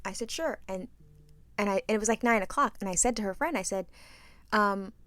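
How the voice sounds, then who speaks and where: A middle-aged woman spins a story in casual conversation, with a bright, forceful voice. She is animated and profane and acts out everyone's lines. The sound is close and dry. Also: medium pitch, fairly quick, dry recording. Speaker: podcast co-host.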